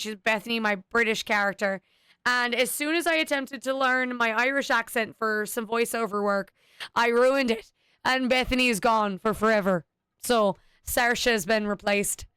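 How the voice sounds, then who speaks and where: A woman's voice: a little high, sharp tone, clean tone, no echo, studio quality. A woman streaming a game, chatting casually with self-deprecating jokes. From United States. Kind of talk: casual live-stream chat.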